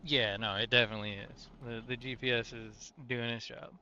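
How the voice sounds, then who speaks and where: A man giving laid-back, joking commentary while driving in a trucking game, thinking out loud as he goes. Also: medium pitch, fairly even intonation, brisk, a little hiss or hum. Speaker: game streamer. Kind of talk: casual gameplay commentary. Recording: dull lo-fi mic sound.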